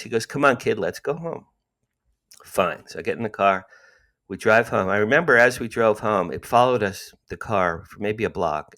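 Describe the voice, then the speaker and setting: A man's voice: mid-range voice, a bit bright. A man in his sixties from New Jersey, a podcast guest telling his stories animatedly, acting out the dialogue and repeating himself for emphasis. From New Jersey, USA. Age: 60s. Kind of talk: storytelling interview.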